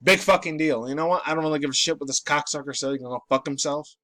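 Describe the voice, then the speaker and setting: Freshly woken and still groggy, a pop culture vlogger from New York in his late twenties launches into a rambling, foul-mouthed rant. He talks fast in a high-leaning, bright, forceful voice. The recording has no room sound.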